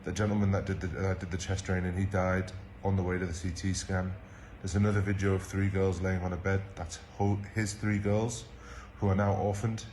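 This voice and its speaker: An exhausted medic, a man, gives a halting account full of pauses and ums. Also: deep voice, level tone, darkish tone, slight background noise. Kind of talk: recorded video account.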